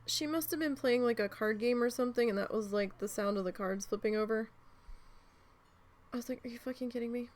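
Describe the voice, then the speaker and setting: A woman's voice: fairly high pitch, fairly even intonation, brisk. A young woman chatting at home while she needle felts, telling rambling stories and swearing freely. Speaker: crafting vlogger. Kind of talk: casual chat while needle felting. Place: home, indoors.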